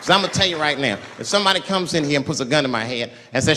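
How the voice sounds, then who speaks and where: A man's voice: on the high side, animated, racing, some chatter behind. A man from Washington DC doing a stand-up comedy set, telling stories in a loose, profane way. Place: large live theater. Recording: live echoing hall with loud audience.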